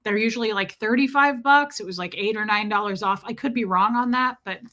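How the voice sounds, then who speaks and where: Bright, chatty Midwestern woman streamer. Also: on the high side, fairly quick. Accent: Midwestern American. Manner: chatty, rambling, talks back to viewers' comments. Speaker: livestream host. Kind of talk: casual livestream chat reading comments.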